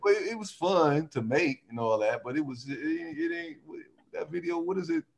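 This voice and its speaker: A man who sings in a vocal group, telling animated stories in a casual interview and often laughing. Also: fairly high pitch, normal speed, creaky, slight background noise. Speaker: singer in a vocal group, guest.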